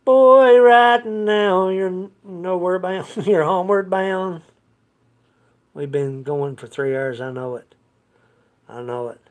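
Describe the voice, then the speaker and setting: Unhurried, high-pitched male host, folksy and quick to laugh, chatting live over guitar. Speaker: host of a live music stream. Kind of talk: casual chat with viewers between songs. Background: his own acoustic guitar.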